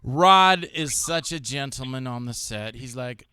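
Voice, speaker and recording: A man hosting a casual talk show, telling animated stories and acting out what others said. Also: medium pitch, unhurried, few pauses, noisy background. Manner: animated storyteller, acts out quotes of others. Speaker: show host. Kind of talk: casual chat with jokey impressions.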